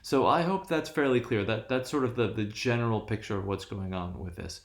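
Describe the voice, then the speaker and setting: A man's voice: on the low side, a little fast, echoey room. A man teaching a recorded lesson from his room, talking with many restarts and adding "right?" after nearly every point. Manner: hesitant, restarts often, keeps checking with "right?". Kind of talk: recorded lecture on English stress.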